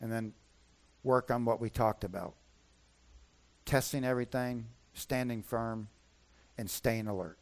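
A man's voice: mid-range voice, steady tone, a little slow, pauses often. A man preaching a sermon as pastor, emphatic and repeating his key points.

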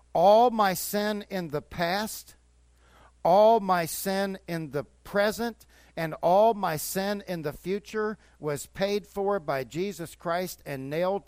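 Older male pastor, high-pitched, dry close recording; conversational sermon that builds to fervent exhortation. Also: a little mellow, clean tone, dry recording. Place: church.

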